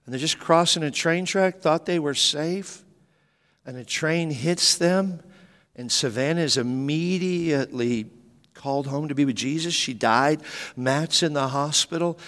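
A man in his fifties preaching a sermon as pastor, animated and joking, with sudden emphatic bursts. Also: on the high side. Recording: long hall reverb.

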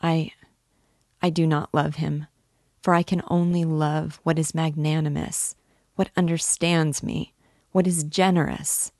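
A woman's voice: low-pitched, level tone, darkish tone, no echo, studio quality. A woman reading a classic novel aloud, voicing its characters with emotion. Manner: slow, emotive reading of dialogue. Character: Nastenka, tearful young woman. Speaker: reader. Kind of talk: literary audiobook reading.

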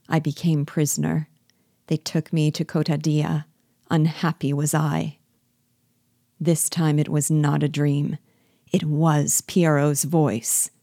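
Low-voiced woman reading a classic novel. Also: no echo, clean studio sound. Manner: measured, expressive storytelling. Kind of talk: audiobook reading.

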